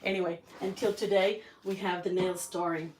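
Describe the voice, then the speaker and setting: A woman hosting a cooking channel, telling a family story in a casual, halting way while she cooks, with many fillers and restarts. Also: lowish voice, level tone, slight background noise.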